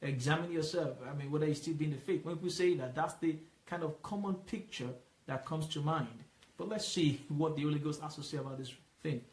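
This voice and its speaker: A man leading a Bible study, explaining patiently and asking questions for the listener to fill in. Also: fairly high pitch. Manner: asks questions and lets the listener fill in the answer; explains patiently, repeating points slowly. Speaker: Bible teacher. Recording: roomy echo.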